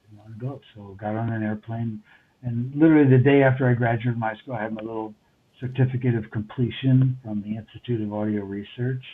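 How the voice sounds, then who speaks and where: A man's voice: lowish voice, a little hiss or hum. An older man from New York City with a New York accent, a recording engineer telling long rambling stories full of fillers and restarts. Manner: meandering, many fillers and restarts. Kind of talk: rambling anecdotal storytelling. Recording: tinny phone line.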